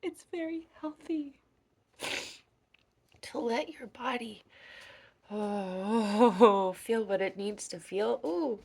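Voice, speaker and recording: A woman voicing a playful, affectionate childlike frog in whispered role-play, with soft gasps and a singsong lilt. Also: a little high, breathy edge. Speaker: children's storyteller.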